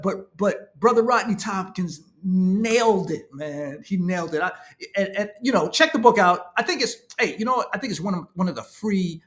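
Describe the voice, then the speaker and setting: A man with a somewhat high-pitched voice talks to camera in an easy, conversational way. He speaks as an author sharing his own experience, stressing his points with real enthusiasm and tossing in "right?" after nearly every thought. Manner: conversational, peppered with "right?" and "you know"; enthusiastic, animated emphasis. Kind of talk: casual talk to camera.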